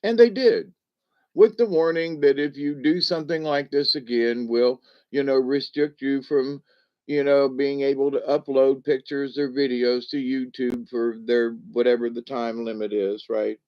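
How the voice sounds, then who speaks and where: Slow, amused man in his seventies. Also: mid-range voice, fairly even intonation, lo-fi sound. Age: 70s. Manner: amused, chuckles often, rambling with restarts. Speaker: livestream host reading chat. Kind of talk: casual rambling livestream chat.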